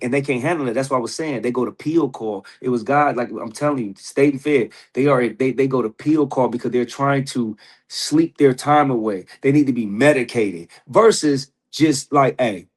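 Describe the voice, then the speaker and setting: A man's voice: medium pitch, normal speed. A man who is a podcast guest, telling stories in casual slang, laughing often and acting out the people he quotes. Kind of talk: casual storytelling.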